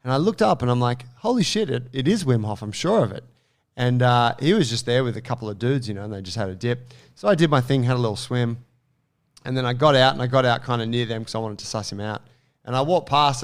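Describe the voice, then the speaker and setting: Aussie bloke on a podcast, rambling animated story, swears a bit, lots of likes and ums. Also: male voice, medium pitch, fast talker, smooth. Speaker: podcast co-host. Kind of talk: casual storytelling chat.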